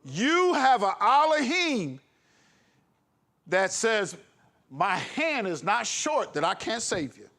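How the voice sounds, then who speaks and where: A man's voice: sits high, sing-song, takes it slowly, pauses often, a bit bright. A man preaching a sermon with an impassioned, emphatic delivery, breaking into laughs. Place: congregation hall.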